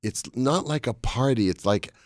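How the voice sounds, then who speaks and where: A man's voice: medium pitch, normal speed, no echo, clean studio sound. An older man with a Boston accent, a comedian and author telling meandering, comic stories as a talk-show guest. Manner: anecdotal, meandering, with comic timing. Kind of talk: casual chat, storytelling.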